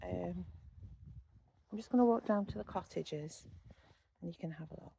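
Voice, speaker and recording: A middle-aged woman talks through a casual walking vlog in a mellow voice with a gravelly, creaky edge. She chats like an informal tour guide, rambling with plenty of ums and easy asides. Her voice sits slightly low. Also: normal speed, a little hiss or hum, poor audio. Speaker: vlogger showing a walking spot.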